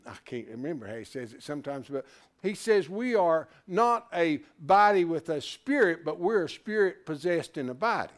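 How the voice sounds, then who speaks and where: A man's voice: fairly high pitch, sing-song, moderate pace. A man teaching scripture to a class in a folksy, interactive sermon style, asking questions and joking along the way. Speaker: Bible study teacher.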